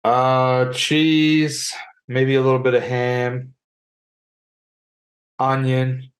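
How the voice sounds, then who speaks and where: A man's voice: mid-range voice, completely flat delivery, very slow. A man co-hosting a podcast in casual chat, laid-back and hesitant, with lots of "uh" and "like". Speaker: podcast co-host.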